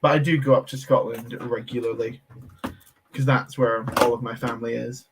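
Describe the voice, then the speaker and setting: A man's voice: mid-range voice, flat delivery, normal speed, noisy background. A man hosting a casual livestream, chatting with viewers while tinkering with a build, laughing easily and poking fun at himself. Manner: laughs easily, self-deprecating. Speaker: Lego livestream host.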